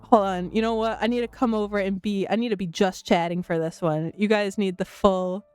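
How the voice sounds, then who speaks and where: A woman streamer chatting with her viewers, giggly and excitable, laughing herself to tears and often squealing. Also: mid-range voice, brisk, smooth, no echo. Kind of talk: live-stream chat with viewers. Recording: faint music in the background.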